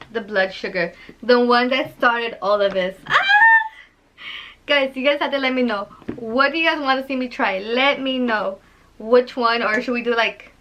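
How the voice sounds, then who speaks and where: A young woman unboxing gifts on her vlog, gushing and full of fillers. Her voice is bright and crisp and sits a touch high, and she keeps sliding into breathless excitement. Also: rough recording. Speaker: beauty vlogger.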